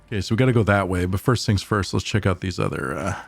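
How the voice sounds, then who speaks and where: A man chats through his game stream in a rambling, profane, offhand way. His voice sits on the low side. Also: expressive, quick pace, gravelly, faint music behind. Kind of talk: casual gameplay commentary.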